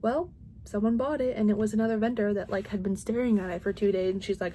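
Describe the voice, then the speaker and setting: A woman's voice: mid-range voice, a little fast, warm tone, slight background noise. A woman in her thirties, a crochet vlogger, chatting casually at home and rambling with lots of "like" and restarts.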